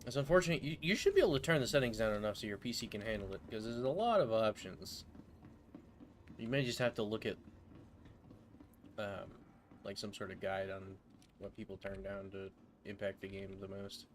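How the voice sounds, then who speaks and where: A drowsy, easygoing man talks through a game stream in a lowish voice, chuckling between remarks. Steady game ambience hums behind him. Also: moderate pace, long pauses. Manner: laid-back, jokey, chuckles often. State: sleepy, yawning. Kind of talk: casual gaming stream chat. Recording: background game ambience noise.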